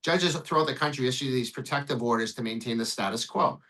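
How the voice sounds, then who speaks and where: A man, an immigration lawyer, recounts a case in a podcast interview. He talks at a rapid clip in a bright, forceful voice. He is animated and blunt, swears freely and plays out the back-and-forth himself. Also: medium pitch, poor audio. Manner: animated, profane, acts out dialogue.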